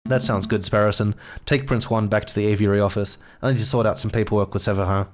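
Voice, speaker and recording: A man's voice: on the low side, fairly even intonation, quick pace, faint music behind, natural voice. A man voicing a weary, dry male falcon lawyer in a game, speaking in a curt, dry way.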